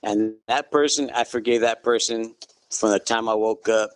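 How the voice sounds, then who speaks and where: A middle-aged man speaks in a low, easygoing voice as an interview guest, working "you know" into almost every sentence. He keeps a good-natured humor as he talks. The recording is close and dry, with no room sound. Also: normal speed, dry recording. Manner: relaxed storytelling, full of "you know". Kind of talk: casual interview.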